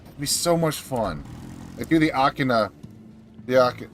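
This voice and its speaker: A man's voice: mid-range voice, lively intonation, a little slow, faint music behind. A man streaming a video game with goofy, laughing commentary and casual swearing. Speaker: gaming streamer.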